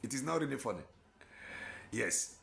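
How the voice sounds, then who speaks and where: Igbo nigerian guy preaching hard, gravelly voice swinging way up and down, asks the crowd questions. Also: mid-range voice, lively intonation, normal speed, fairly bright tone. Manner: fervent, exhorting, rhetorical questions, switches in and out of Igbo. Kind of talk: impassioned online sermon.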